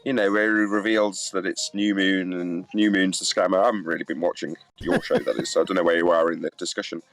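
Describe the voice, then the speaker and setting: A man's voice: low-pitched, fairly even intonation, fast, fairly bright tone, rough recording. A man chatting bluntly as a guest on a live stream over an iPad mic. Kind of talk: casual chat.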